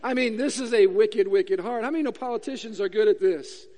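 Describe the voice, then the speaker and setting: Animated high-voiced pastor in a hall. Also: male voice, a little fast. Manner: animated, acts out questions in voices. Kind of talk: sermon. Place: church sanctuary.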